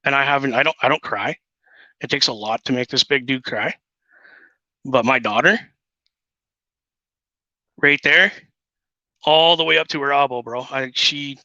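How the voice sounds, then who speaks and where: Earnest man, bright forceful tone, dull lo-fi sound, dry, speaking from the heart. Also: medium pitch, a little slow, pauses often, no echo. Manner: earnest, emotional. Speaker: guest father. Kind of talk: casual chat.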